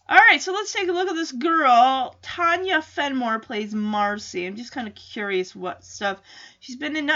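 A woman's voice: high voice, unhurried, bright, forceful tone, dull audio. A woman casually recapping a TV episode in a chatty way, with frequent laughs and filler words.

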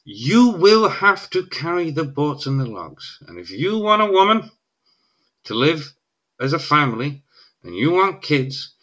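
Forceful middle-aged Irish man. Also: mid-range voice. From Ireland. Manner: emphatic, explaining, keeps asking "right?". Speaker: guest. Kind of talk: casual podcast conversation.

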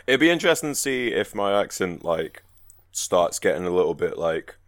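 A young man with a very deep voice, chatting loosely on a podcast and swearing casually. His voice sounds dry and close to the mic. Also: very animated, normal speed, no room sound. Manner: laughs often, swears casually. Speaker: podcast co-host. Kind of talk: casual chat.

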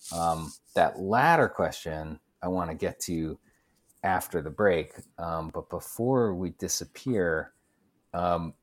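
Man, low deep voice, calm measured podcast talk, reflective. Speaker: podcast co-host. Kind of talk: casual conversational podcast.

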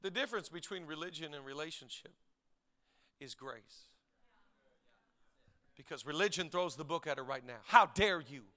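A man preaching to a congregation in a high, bright, ringing voice. He drives home his points with repeated phrases, rising to shouted calls for praise. Then he pulls back into quiet, intimate stretches. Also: moderate pace, long pauses, big-room sound. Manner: swings between shouted exclamations and hushed, quiet passages; repetitive, emphatic phrasing. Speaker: pastor. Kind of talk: live sermon. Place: church service.

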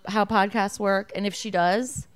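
A woman's voice: medium pitch, steady tone, unhurried, dry recording. A woman co-hosting a podcast in casual chat; she talks bluntly, swears freely and acts out quoted lines. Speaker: podcast co-host. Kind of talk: casual chat while watching a film.

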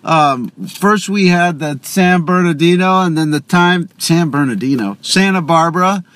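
A slightly high-voiced man hosts a podcast from the seat of his car. He drifts from one story to the next and keeps cutting in on himself as he goes. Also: a little slow, fairly bright tone. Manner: chatty, digressive, self-interrupting. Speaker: podcast host. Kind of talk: casual rambling monologue.

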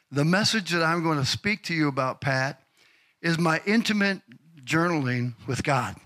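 A man's voice: on the high side, pushed and bright. A man preaching a heartfelt, earnest sermon as pastor of his church, often repeating himself.

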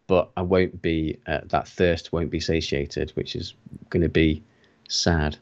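A man chatting as a guest on a hobby stream, giving measured, reasoned opinions. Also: very deep voice, level tone, lo-fi sound. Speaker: guest co-host. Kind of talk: casual hobby chat.

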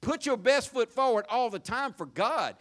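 Preaching at a moderate pace, this animated pastor has a high, light male voice and a Southern country accent. His folksy sermon mocks pretension, alternating between quiet asides and loud, hooping emphasis.

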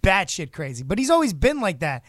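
A man co-hosting a casual talk show, excitable and laughing often. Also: sits high, fairly quick, no room sound, clean studio sound. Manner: excitable, laughs a lot, breaks into impressions. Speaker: co-host. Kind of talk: casual podcast chat.

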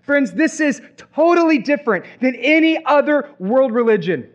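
A man's voice: extremely high pitch, very animated, moderate pace, muffled recording. A man preaching a sermon as pastor, emphatic, with rhetorical questions, repeated phrases and playful asides.

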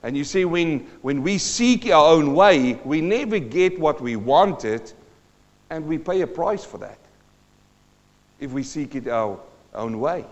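A fairly high-pitched man delivers a sermon as a pastor, dropping to hushed tones and then rising to loud emphasis. His voice carries a long reverb through the church hall. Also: lo-fi sound.

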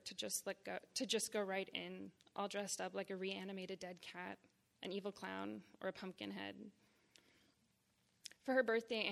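Woman, 30s, writer reading her memoir live; measured phrasing, gravelly edge. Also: medium pitch. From Boston area, United States. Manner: deliberate, measured reading in short phrases with blunt frankness. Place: reading series event before an audience.

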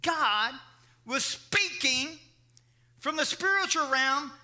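Middle-aged male preacher, high ringing voice, animated sermon with stories. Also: slow. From Kentucky. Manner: animated preaching with storytelling asides. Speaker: pastor.

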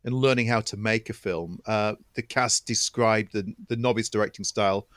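A man's voice: lowish voice, steady tone, normal speed, a bit bright, no room sound. A man co-hosting a film podcast, chatting with enthusiasm and often restarting and repeating words as he builds a point. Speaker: podcast co-host. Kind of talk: casual film chat.

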